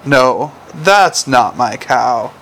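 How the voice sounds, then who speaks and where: A man's voice: mid-range voice, expressive, drawn-out words, a bit bright, exaggerated voice. A man voicing a weary watchman father reading a picture book aloud to his baby, in a sing-song way with hammed-up animal noises. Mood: playful.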